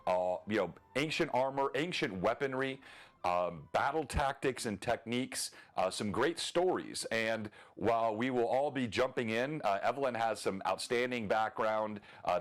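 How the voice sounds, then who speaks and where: A man hosting a live tabletop lore stream, chatting casually with many filler words and easy laughs. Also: on the low side.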